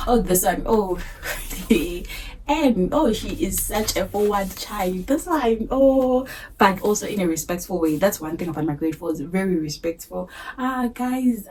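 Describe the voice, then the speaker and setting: A woman's voice: medium pitch, a little mellow, a little hiss or hum, poor audio. A young woman, a primary school teacher, chatting casually to camera and laughing often, repeating her words as she talks. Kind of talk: casual vlog chat.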